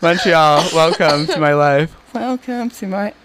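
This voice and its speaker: A man's voice: a little high, animated, heavy background noise. A man hosting a campus radio show from a studio, chatting and joking playfully with his guest. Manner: playful, teasing, quick jokes. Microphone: studio microphone.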